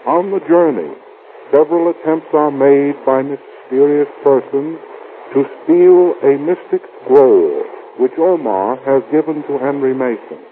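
A man announcing a radio serial, reading a formal recap in an even delivery on a tinny old recording. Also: medium pitch, unhurried, slight background noise. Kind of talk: scripted radio recap narration.

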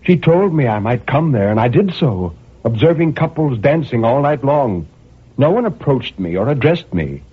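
A man narrating a dark first-person story in a brooding, intense, measured way. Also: medium pitch, sing-song, breathy edge. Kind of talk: dramatic story reading. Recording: tinny phone-like audio.

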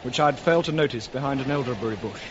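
A man narrating a comic radio sketch in a melodramatic storyteller's manner, with deadpan asides. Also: mid-range voice, quick pace. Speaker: comedy performer. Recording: lo-fi old radio recording, heavy hiss.

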